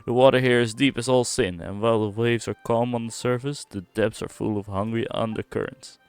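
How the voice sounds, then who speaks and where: A man's voice: medium pitch, fairly even intonation, fairly quick, clear, resonant tone, no room sound, natural voice. A man reading game dialogue aloud, voicing a grumbling young male rookie agent in a put-on accent. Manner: put-on accent, slangy complaining.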